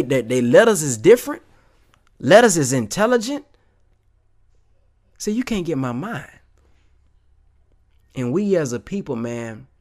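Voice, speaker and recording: A man giving casual motivational commentary on video clips, emphatic and slangy, often calling his listener "man". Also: on the high side.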